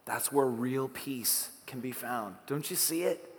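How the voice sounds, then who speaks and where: A man preaching a sermon from the pulpit, with a mid-range voice that carries a long hall reverb. He talks to the congregation conversationally, firing rhetorical questions and moving between soft, hushed lines and loud, emphatic ones. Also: mid-range voice, a little slow, a little hiss or hum. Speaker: pastor.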